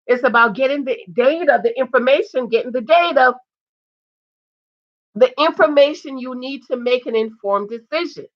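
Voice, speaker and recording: A woman casually recapping a dating show, animated and quick to act out what the cast said. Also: sits high, dull audio. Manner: animated, mimics the cast in quotes. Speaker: show reviewer.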